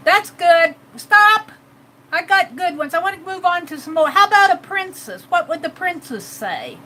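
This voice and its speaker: A woman's voice: extremely high pitch, lively intonation, moderate pace, pushed and bright, a little hiss or hum, low-quality recording. A woman hosting an art live stream, chatting casually with viewers and reading their comments with frequent giggles. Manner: giggly and playful, laughs often.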